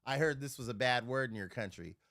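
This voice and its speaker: A live streamer at home near a refrigerator drinks while doing casual livestream chat, delivering profane, rambling, animated rants that swing between loud outbursts and low mutters. He talks fairly quickly, with studio-quality sound and no room sound.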